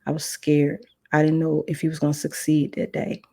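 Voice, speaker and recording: A woman's voice: low-pitched, completely flat delivery, moderate pace, warm tone. A woman podcast host telling a personal testimony in an earnest, conversational way. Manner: earnest, conversational, retelling with quoted dialogue.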